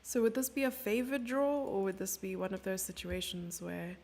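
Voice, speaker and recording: A woman's voice: mid-range voice, moderate pace, a little mellow. A woman streamer giving chatty live chess commentary, thinking aloud and sometimes dropping into a whisper.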